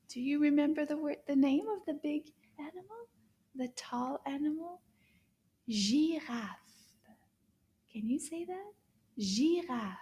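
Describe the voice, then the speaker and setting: Slow, gentle woman teaching French to kids. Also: sits high. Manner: soft, whispery asides and drawn-out repeated words; puppet-style play with a pineapple friend. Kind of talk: slow, encouraging kids' language lesson.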